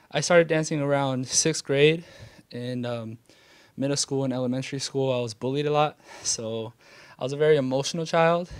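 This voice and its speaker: A man's voice: mid-range voice, dry recording. Thoughtful young man, dry close sound. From California, USA. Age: late teens. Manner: thoughtful, hesitant with many fillers. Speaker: interviewee, dancer. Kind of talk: casual interview.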